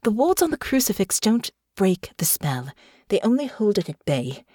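A woman voicing Delphinia, a tall, grim, knowing young noblewoman, speaking low, slow and soft in an audiobook. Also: big pitch swings, no room sound, clean studio sound. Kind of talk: audiobook character voice.

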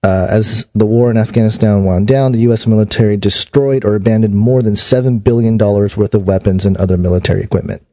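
Mellow low man reading news. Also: quick pace, hardly any pauses. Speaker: podcast co-host. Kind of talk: casual chat reading news items.

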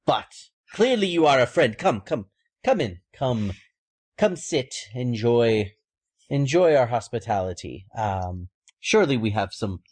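A man voicing an elderly raven-folk woman who leads an old order, speaking slowly and formally. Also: big pitch swings, darkish tone, no room sound. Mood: welcoming. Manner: high, drawn-out, deliberate speech.

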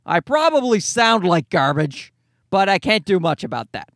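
Middle-aged Newfoundland comic, nasal and high, rambling self-mocking rant in a dry car. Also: male voice, very animated, moderate pace, gravelly, fairly bright tone, no room sound. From Canada. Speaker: stand-up comedian and podcast host. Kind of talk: casual rambling monologue. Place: parked car.

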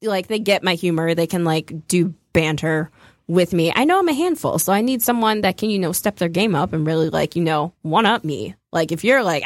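A woman's voice: fairly low pitch, very animated, moderate pace, dry recording, clean studio sound. A young woman co-hosting a podcast in casual chat, bubbly and sarcastic, laughing often. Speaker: podcast co-host.

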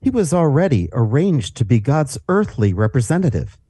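A man's voice: mid-range voice, sing-song, moderate pace, warm tone, husky, no echo, studio quality. A man reading scripture aloud in a solemn, declaiming way and adding short commentary. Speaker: scripture reader.

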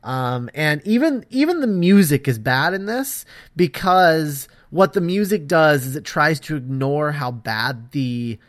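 An American man with a slightly high voice co-hosts a casual podcast. He tears into what he's reviewing with blunt, exasperated disdain. His talk is loose and full of "um"s. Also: expressive, measured pace, hardly any pauses. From United States. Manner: blunt, exasperated criticism with frequent "um". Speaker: podcast co-host.

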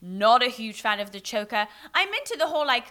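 A woman's voice: on the high side, very animated, fairly quick, pushed and bright. A young woman co-hosting a casual chat show, chatty and opinionated, full of likes. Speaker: co-host.

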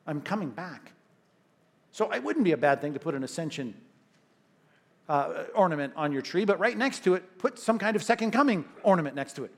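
A man preaching a sermon in an animated, conversational way, often checking in with "right?". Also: a little high. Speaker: pastor.

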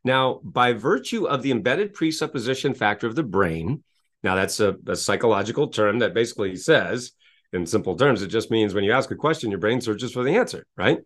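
A man's voice: mid-range voice, fairly bright tone. A middle-aged man, a business coach, speaking energetically in an interview with a repetitive motivational cadence and frequent rhetorical questions.

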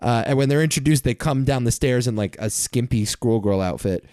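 A man co-hosting a casual movie-review podcast, talking in an animated way, laughing often and throwing in mock-dramatic asides. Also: medium pitch, a little fast, dry recording, clean studio sound. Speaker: podcast co-host.

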